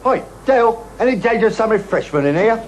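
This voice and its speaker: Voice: mid-range voice, lively intonation, quick pace, a little hiss or hum, lightly acted, low-quality recording. A performer playing a blunt, coaxing working-class elocution coach in a 1980s TV ad. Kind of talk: 1980s TV ad acting.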